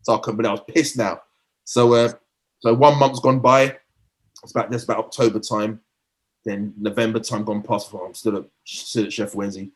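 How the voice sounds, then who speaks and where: A man's voice: on the low side, steady tone, normal speed. A middle-aged man, a former footballer telling rambling anecdotes in a podcast interview, often restarting and acting out quotes.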